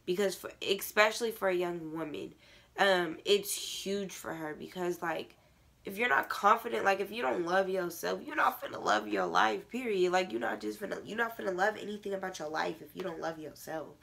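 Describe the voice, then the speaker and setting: A woman's voice: on the low side, expressive, normal speed, creaky, a bit bright. A teenage girl vlogging a casual advice rant to camera, with a stuffy, congested nose, filling every phrase with "like". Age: teens.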